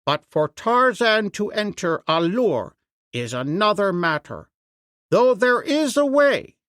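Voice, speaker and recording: A man's voice: high-pitched, very animated, takes it slowly, fairly bright tone, dry recording, clean studio sound, pitched above the performer's own voice, heavily acted. A man reading as a proud, fiery young warrior. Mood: earnest.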